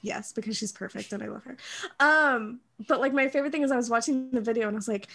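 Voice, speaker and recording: Animated young woman telling stories. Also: on the high side, fast talker, vocal fry. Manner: animated storytelling with frequent laughter. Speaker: podcast co-host. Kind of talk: casual chat.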